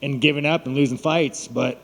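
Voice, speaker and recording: A man's voice: mid-range voice, steady tone, normal speed, creaky, a bit bright. A man, a fighter at a media day, talking bluntly and mockingly to reporters and swearing constantly. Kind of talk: profane, boastful press scrum talk. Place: large room at a media event. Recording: long hall reverb.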